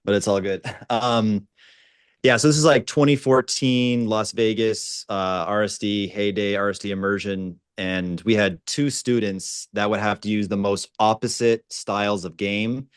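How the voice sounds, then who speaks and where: A man working as a dating coach, telling a laid-back, animated anecdote over a video call on a panel. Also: fairly low pitch, unhurried, clear, resonant tone, no echo, clean studio sound. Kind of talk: casual panel storytelling.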